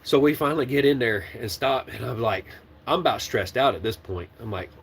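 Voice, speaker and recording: A man who trains truck drivers, telling a story in a loose, animated way. His voice sits at an ordinary middle pitch, and he curses easily as he talks. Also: fairly quick, a little hiss or hum. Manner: animated, swears and laughs while retelling. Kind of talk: casual storytelling.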